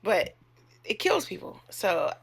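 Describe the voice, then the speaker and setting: A woman's voice: mid-range voice, very animated, takes it slowly, vocal fry, fairly bright tone, breathy edge. A woman who works as a nurse, telling a story to her camera in a candid, chatty way and cursing freely. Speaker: nurse and vlogger.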